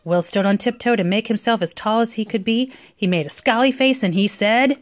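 A woman reading a picture book aloud to a young child at home, with expressive storytelling. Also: a little high, fairly quick. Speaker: reader.

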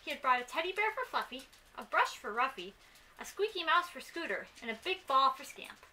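A young woman hosting her channel, reading a storybook aloud in a gentle, friendly way. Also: high voice, big pitch swings, a little fast, far from the mic, rough recording. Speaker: channel host, story reader.

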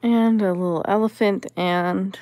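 A woman's voice: mid-range voice, fairly even intonation, measured pace, darkish tone, dry recording. A woman vlogger giving casual commentary as she sorts vintage jewelry, musing and appraising each piece aloud.

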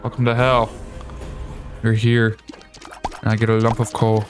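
A man giving profane, excitable commentary as he plays a video game, shouting at enemies. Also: fairly low pitch, a little slow. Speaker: gaming streamer. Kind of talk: let's play commentary. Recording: game music behind.

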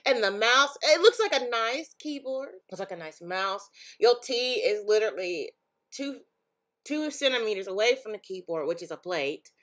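A young woman with a bright, forceful voice reacts to posts in a casual vlog. Her delivery is animated, and she often laughs and exclaims between her comments. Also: mid-range voice. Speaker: reaction vlogger.

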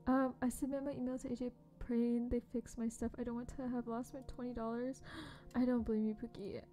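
A young woman streaming a game, chatting casually and bubbly with her viewers, often dropping to a soft whisper. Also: fairly high pitch, little pitch movement, brisk. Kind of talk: casual livestream chat. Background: faint background music.

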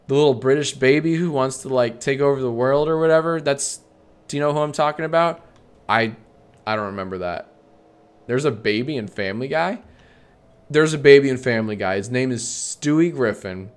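A man streaming a comedy bit, bantering with himself in a deadpan, sarcastic way and swearing often. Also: medium pitch, fairly quick, clean tone.

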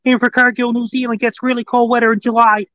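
Very high-voiced man, monotone, muffled. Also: no room sound. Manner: halting, repetitive listing of places. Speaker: weather reporter guest. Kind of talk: casual call-in weather report.

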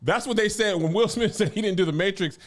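A man's voice: high-pitched, fast. A man co-hosting a comedy podcast, joking and riffing playfully in casual chat. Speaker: podcast co-host.

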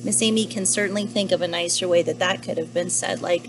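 Gentle woman reading a storybook to kids. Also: on the low side, fairly even intonation, brisk, hardly any pauses, background noise. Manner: gentle, asks the listener questions. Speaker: teacher reading to children. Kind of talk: children's story read-aloud.

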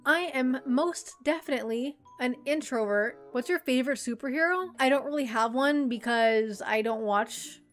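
A woman's voice: sits high, moderate pace, few pauses, soft background music. A Canadian woman in her twenties, a YouTuber bluntly answering viewer questions with lots of swearing and jokes. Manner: blunt, profane and joking.

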